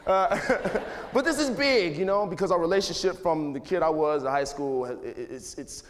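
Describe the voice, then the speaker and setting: A man in his thirties giving a relaxed, rambling talk to a live audience in a school auditorium, full of "you know" and "like". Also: a little high, normal speed. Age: 30s. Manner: loose and conversational, heavy with "you know" and "like". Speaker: guest speaker. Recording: long hall reverb.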